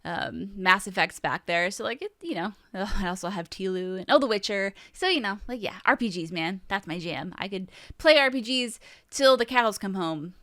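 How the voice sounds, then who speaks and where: Chatty bright-voiced woman vlogger. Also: mid-range voice, expressive, normal speed, no room sound, clean studio sound. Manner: chatty, rambling, swears casually. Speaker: vlog host. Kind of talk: casual chat to camera. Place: home room with game shelves.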